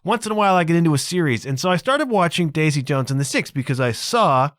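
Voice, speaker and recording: A man's voice: on the high side, animated, fast, a bit bright, no room sound. Chatty fifty-something man, dry close sound. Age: 50s. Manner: chatty and conversational, with frequent asides to listeners. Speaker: podcast host. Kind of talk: casual solo podcast monologue.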